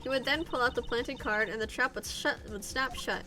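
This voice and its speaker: A woman's voice: fairly high pitch, brisk, bright, forceful tone, soft background music. A woman doing a sly card-dealer witness with a fake Russian accent. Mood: scheming. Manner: smug, evasive.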